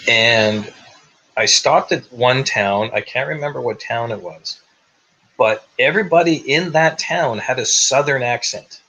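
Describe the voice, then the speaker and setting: A man's voice: medium pitch, a little slow, bright, forceful tone, breathy edge, low-quality recording. A man in his fifties with a Canadian accent, a guest telling chatty stories in casual conversation. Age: 50s. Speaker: guest, tour bus driver. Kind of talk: casual chat.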